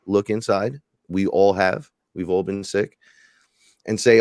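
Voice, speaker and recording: A man talks in a loose, rambling way and slips into little acted-out quotes. His voice sits fairly low, and the sound is dry and close with no room around it. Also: measured pace, no room sound. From New York. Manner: rambling, animated, acts out quotes. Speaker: podcast guest. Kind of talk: casual chat.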